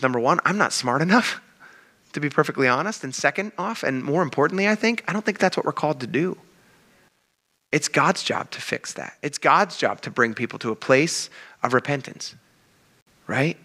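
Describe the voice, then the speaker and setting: A pastor preaching a sermon in a casual, conversational way that addresses the congregation directly. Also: male voice, medium pitch, sharp tone, husky. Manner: conversational, addresses the crowd as "you guys".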